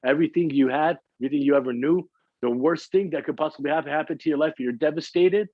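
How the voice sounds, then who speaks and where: A man's voice: fairly high pitch, quick pace, dry recording. Impassioned man preaching, dull lo-fi sound. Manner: emotional, repetitive and rising in intensity. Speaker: majlis speaker. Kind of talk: religious lecture and supplication.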